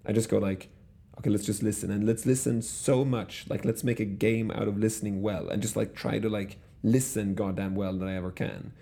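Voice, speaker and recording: A man's voice: fairly low pitch, fairly even intonation, brisk, gravelly, warm tone. A middle-aged man telling stories as an interview guest, rambling with many restarts and fillers. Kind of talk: casual conversational storytelling.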